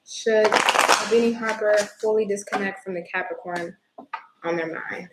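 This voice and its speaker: A woman doing a live-stream tarot reading, chatty and expressive, greeting viewers by name. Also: medium pitch, moderate pace, echoey room, very noisy. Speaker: tarot reader.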